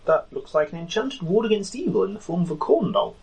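A man's voice: fairly high pitch, very animated, a little fast, creaky, husky, low-quality recording. A man playing in a tabletop game, dry and politely posh. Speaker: player. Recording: loud noise and clicks.

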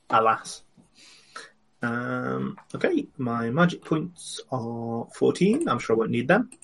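A man playing a tabletop game, speaking in a wry, hesitant way with many ums and pauses. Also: mid-range voice, sing-song, creaky, fairly bright tone, slightly rough. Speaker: player. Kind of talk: casual tabletop game chat.

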